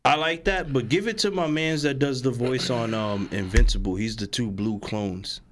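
A man's voice: mid-range voice, moderate pace, a little hiss or hum. A man co-hosting a podcast in loose, slangy, joking casual chat. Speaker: podcast co-host.

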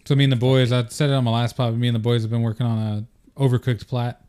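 A man's voice: mid-range voice, level tone, racing, dark tone, smooth. A young man co-hosting a podcast, chatting casually in a laid-back, joking way with a lot of swearing. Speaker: podcast co-host. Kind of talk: casual chat.

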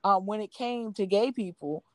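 A woman's voice: mid-range voice, moderate pace, darkish tone, no room sound. A woman co-hosting a podcast, giving frank opinions in a rambling way with lots of fillers. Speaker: podcast co-host. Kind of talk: casual podcast chat.

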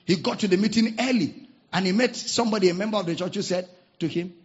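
A male pastor preaching a sermon, telling stories dramatically and swinging from shouts to hushed tones. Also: high-pitched, quick pace. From Nigeria. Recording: dull lo-fi sermon recording.

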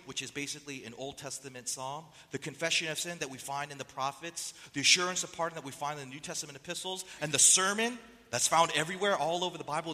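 A male pastor with a nasal voice delivers a sermon, fires rhetorical questions at the congregation and reads quotations aloud. His tone is bright and forceful, a little higher than most men's, and his words ring out in a long church-hall reverb. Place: church sanctuary.

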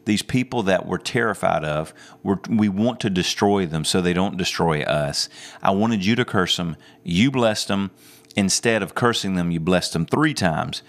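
A man's voice: deep voice, moderate pace. Man playing an indignant scheming king. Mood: exasperated. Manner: indignant, exasperated.

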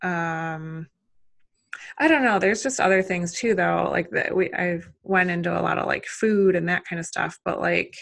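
A woman's voice: on the low side, normal speed, gravelly, a bit bright. A woman in her thirties, a mother talking through her parenting worries in a casual, rambling conversation full of fillers and second-guessing. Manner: rambling, self-questioning, many fillers. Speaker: mother and podcast guest.

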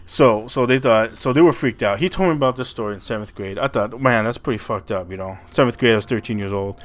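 A man's voice: mid-range voice, fast talker, no room sound. A man hosting a podcast, telling a story in a rambling, casual way, stumbling over and repeating his words and swearing freely. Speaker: podcast host.

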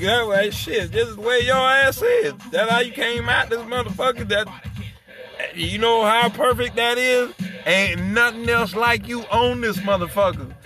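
A man hosting an internet radio show, riffing in a profane, rambling comedic monologue and laughing at his own jokes. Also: very high-pitched. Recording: music playing underneath. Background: music.

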